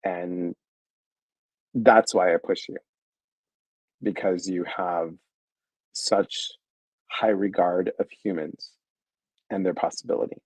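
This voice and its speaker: A man hosting a wellness livestream in casual chat, speaking warmly to his viewers and acting out past conversations. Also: low voice, fairly even intonation, slow, pauses often, breathy edge, dry recording, rough recording. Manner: effusive and heartfelt, retelling conversations with quoted voices; talks straight to viewers, greeting them by name.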